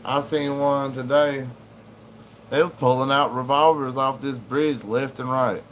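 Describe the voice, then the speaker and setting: A man's voice: mid-range voice, steady tone, a little slow, fairly bright tone, a little hiss or hum. A man chatting casually on a livestream, rambling in a laid-back way to his viewers and his dog at home. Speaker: livestream host.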